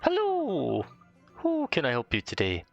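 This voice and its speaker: A man doing a sweet high-voiced shopkeeper lady. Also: wildly swooping pitch, a little slow, vocal fry, lo-fi sound, faint music behind, exaggerated voice. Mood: cheery. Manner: cheery, motherly.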